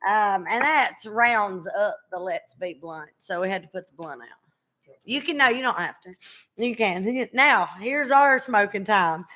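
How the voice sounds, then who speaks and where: Bright-voiced teasing woman podcast host. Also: medium pitch, animated, unhurried. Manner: chatty and teasing, drawling with frequent fillers. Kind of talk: casual chat.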